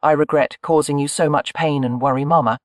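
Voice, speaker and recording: A narrator voicing a young woman who speaks softly and humbly to her family, in an audiobook. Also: mid-range voice, steady tone, fairly quick, no room sound, studio quality, lightly acted. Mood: soft, contrite. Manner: soft, humble. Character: young woman, contrite, struggling with pride.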